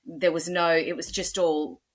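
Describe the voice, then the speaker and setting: A woman's voice: sits low, fairly even intonation, measured pace, background noise. An Australian woman in her forties, a blues singer, chatting in a rambling, storytelling way as an interview guest. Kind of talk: casual interview chat.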